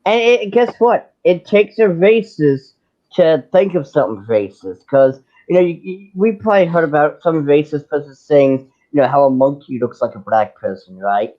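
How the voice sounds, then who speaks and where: A man's voice: fairly high pitch, lively intonation, moderate pace. Fired-up man ranting on a lo-fi stream. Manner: heated, sarcastic, with many restarts. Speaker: livestream host. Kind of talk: casual ranting chat. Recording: dull lo-fi stream audio.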